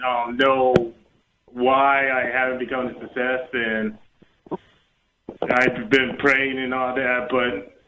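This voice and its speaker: Halting man on a tinny phone line. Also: medium pitch, noisy background. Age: 30s. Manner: halting, with many restarts and fillers. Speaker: caller. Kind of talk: call-in chat.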